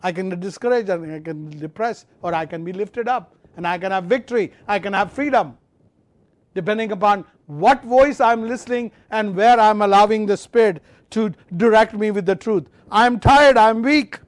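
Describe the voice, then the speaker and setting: Impassioned high-voiced male preacher. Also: no room sound. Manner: impassioned, swinging from loud emphatic to quiet low; repeats phrases, draws out key words slowly. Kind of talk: sermon.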